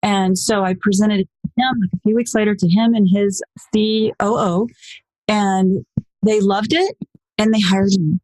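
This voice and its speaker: A woman in her forties, a podcast guest, telling her story in a lively, casual way and acting out the voices she quotes. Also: normal speed, no room sound. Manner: animated, acts out quoted voices with pitch jumps.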